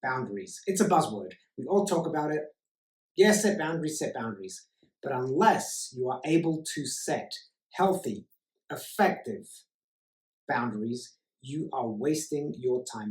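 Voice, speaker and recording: A man's voice: mid-range voice, animated, normal speed, darkish tone. Man, life coach, self-help talk, emphatic, repeats words for stress, echoey room. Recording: roomy echo.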